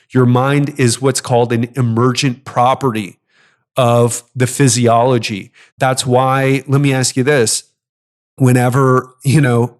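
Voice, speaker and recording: Middle-aged guy doing a solo fitness podcast, earnest, pushy, keeps repeating his points, mid pitch. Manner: earnest and persuasive, repeats key phrases. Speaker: podcast host and fitness coach.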